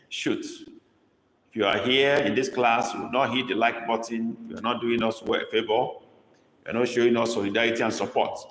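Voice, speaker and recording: Slow, drilling male language tutor. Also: medium pitch. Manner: coaxing, drills sentences slowly and repeats prompts. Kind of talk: live-streamed language lesson. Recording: echoey room with long reverb.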